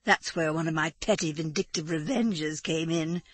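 A woman's voice: sits low, normal speed, breathy edge, no room sound. A woman voicing a mischievous, dispassionate English woman who speaks with dry, unrepentant amusement. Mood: wry.

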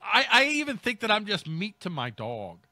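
A man's voice: high-pitched, huge pitch swings, normal speed, bright, forceful tone, dry recording. A man hosting a comedy news show, reading stories aloud and mocking them with ad-libbed riffs. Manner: mocking, riffing, reads then ad-libs. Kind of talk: comic commentary on news stories.

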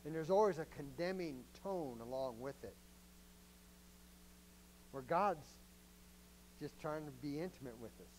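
A man's voice: on the high side, measured pace, pauses often, darkish tone, slight background noise, poor audio. A man preaching a sermon as a pastor, in a conversational, joking way and often asking the congregation questions.

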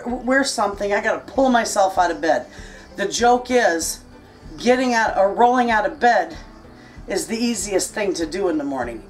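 A middle-aged woman, a cooking vlogger, chats with her viewers in a folksy, friendly way while cooking in her home kitchen. Her voice sits on the low side, and the mic is distant.

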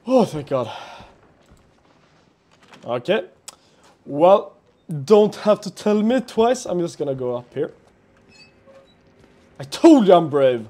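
A man's voice: high-pitched, big pitch swings, slow, long pauses, dark tone. A man playing a horror game for a let's play, talking to himself in a jumpy, nervous way, swearing and laughing nervously.

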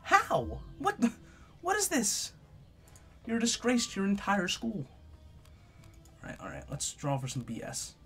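Young male gamer, lively swearing commentary, game music faintly under. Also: high-pitched, unhurried, long pauses. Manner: profane, trash-talking, swings between loud outbursts and mutters. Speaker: gaming YouTuber. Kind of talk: live gameplay commentary.

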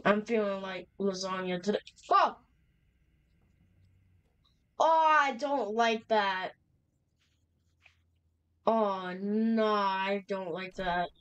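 A woman's voice: mid-range voice, takes it slowly, pauses often, clear, resonant tone, muffled recording. A young woman casually commenting as she plays a horror game, chatty and nervous, reacting aloud with slang. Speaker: gamer playing a horror game. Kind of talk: casual let's-play commentary.

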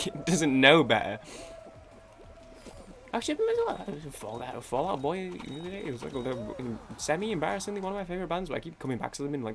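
A man's voice: mid-range voice, a bit bright, slight background noise. Young man, gaming chat, rambling, self-interrupting, swears freely, desk mic. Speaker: gaming YouTuber. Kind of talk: casual chat while playing a game.

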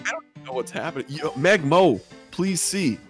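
A guest gamer chatting casually on a reaction video, joking with low deadpan asides. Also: normal speed, faint music behind. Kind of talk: casual gaming reaction chat.

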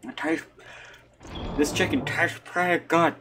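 A man's voice: on the high side, background noise, lightly acted. Someone doing a side-mouthed drawling dream man. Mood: low mutter. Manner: slow, drawled, repetitive mutter.

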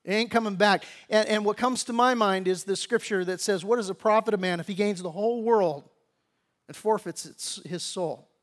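High-voiced preaching pastor, casual asides. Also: male voice, moderate pace. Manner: conversational preaching, grows louder and higher when exhorting; slangy asides. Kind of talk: sermon.

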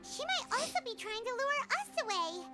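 A woman's voice: extremely high pitch, sing-song, moderate pace, over music. A woman voicing a tiny chirpy floating companion creature in a video game, eager and chatty, talking about itself in the third person. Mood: excited.

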